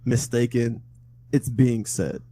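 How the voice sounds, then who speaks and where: A man's voice: medium pitch, slow, dark tone, slightly rough. A man co-hosting a casual podcast chat, blunt and repetitive, restarting phrases and tagging them with "bro". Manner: blunt, repeats himself, says "bro" a lot. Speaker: podcast co-host.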